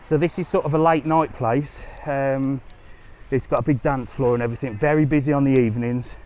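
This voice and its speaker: A man hosting a live vlog walks a resort strip by the sea, chatting and answering viewers' questions, cheeky and quick to respond to comments on the go. His mid-range voice is brisk and a little mellow, with fairly even intonation. He records on a handheld camera as he walks, and there's light street noise outdoors.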